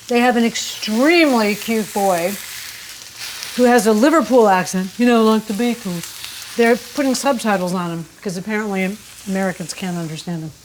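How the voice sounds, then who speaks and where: A woman's voice: on the high side, a little hiss or hum, low-quality recording. A woman hosting a casual cooking demonstration in a kitchen, chatty and candid, teasing herself and breaking into sudden exclamations. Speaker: cooking show host.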